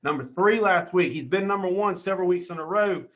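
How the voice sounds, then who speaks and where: A man hosting a weekly team sales call, reading out leaderboards with hyped shout-outs, calling people dude and brother. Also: sits high. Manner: hyped, calls everyone dude and brother, quick asides.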